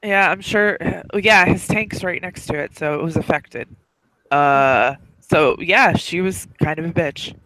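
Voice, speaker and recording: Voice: medium pitch, a little slow, bright, forceful tone, poor audio. A player voicing Ron, a tired, laid-back young man. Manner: laid-back, hesitant with fillers.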